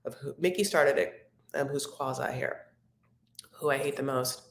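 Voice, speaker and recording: Low-pitched woman rambling through a live recap, calls viewers her loves, echoey room. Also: moderate pace. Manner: chatty, rambling, affectionate with viewers. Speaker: live-stream recap host. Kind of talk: casual chat reading viewer comments. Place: home room. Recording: roomy echo.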